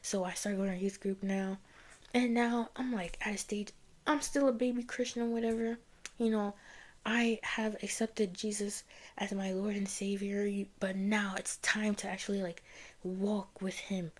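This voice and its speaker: A woman's voice: mid-range voice, fairly even intonation, normal speed. A young adult woman telling a personal faith story in a casual, chatty way, often dropping to a near-whisper. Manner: chatty, heavy use of "like" and "y'all", often drops to a near-whisper. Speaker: vlogger sharing a faith testimony.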